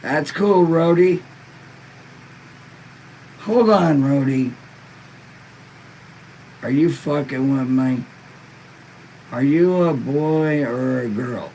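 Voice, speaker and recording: A man's voice: medium pitch, drawn-out words, long pauses, a little mellow, slight background noise, poor audio. A laid-back man hosting a live-stream podcast, stoned and in pain, reading viewer comments in a rambling, profane way. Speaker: livestream podcast host.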